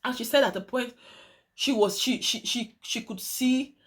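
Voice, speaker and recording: A young woman with a somewhat high voice talks straight to her viewers as she recounts a true story. She is emphatic and dramatic, repeats key phrases for weight, and keeps calling her audience "guys". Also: unhurried, fairly bright tone. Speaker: vlogger telling a true story.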